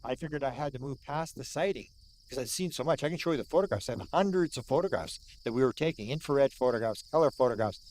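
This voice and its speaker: Standing outdoors where the sighting happened, this older Canadian UFO researcher, a man in his sixties, tells the story in an animated, fast-talking way. His mid-range voice has a darkish tone, and a faint hiss or hum sits under the recording. He repeats words for emphasis and performs what people said.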